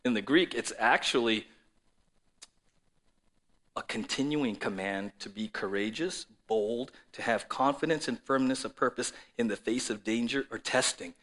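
A man preaching a sermon to a congregation and viewers at home, swinging between loud declarations and soft, low asides. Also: unhurried. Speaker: pastor.

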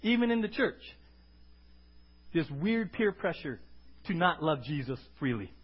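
A man's voice: fairly high pitch, big pitch swings, a little slow, husky. A male pastor preaching an emphatic sermon, firing questions at the congregation for them to answer back. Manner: emphatic, call-and-response questioning. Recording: dull lo-fi recording.

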